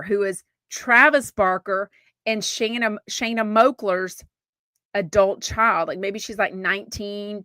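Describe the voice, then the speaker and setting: A woman's voice: mid-range voice, no room sound. A woman from Texas with a Southern accent hosting a podcast, gossiping frankly and casually, swearing now and then and answering live comments. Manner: chatty, frank, swears casually, lively asides. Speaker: podcast host.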